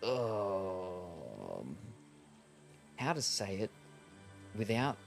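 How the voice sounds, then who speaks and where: A man's voice: sits low, wildly swooping pitch, drawn-out words, creaky, soft background music. An Australian man chatting casually while streaming a game, rambling and hesitant with lots of ums and uhs. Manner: rambling, hesitant, many fillers. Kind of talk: casual chat while gaming.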